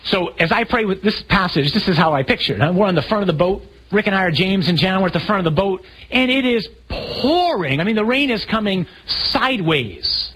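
A man preaching a sermon, telling stories with animated, acted-out scenes. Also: high-pitched, a little fast, hardly any pauses, breathy edge, poor audio. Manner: animated storytelling, acting out scenes with raised voice. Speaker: priest.

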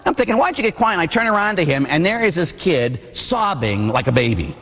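Animated priest preaching in a reverberant church. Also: male voice, fairly high pitch, brisk. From Pittsburgh, USA. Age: 40s. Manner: animated storytelling, acting out quoted voices. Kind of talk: sermon.

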